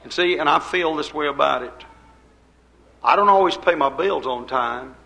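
A man preaching a fervent sermon, swinging between loud, urgent lines and quiet, low asides. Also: moderate pace, creaky, rough recording.

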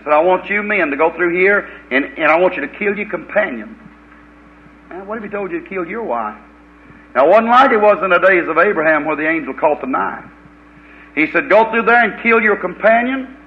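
A man preaching a fiery, folksy revival sermon, swinging from loud preaching to low muttered asides. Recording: dull lo-fi old recording.

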